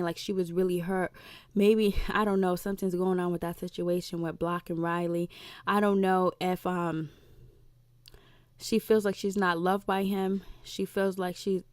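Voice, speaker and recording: A woman's voice: medium pitch, smooth, dry recording. A woman casually recapping a TV episode, rambling with lots of "you know" fillers and acting out the lines she quotes. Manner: acts out characters' lines in quick voices. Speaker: reality TV recap vlogger.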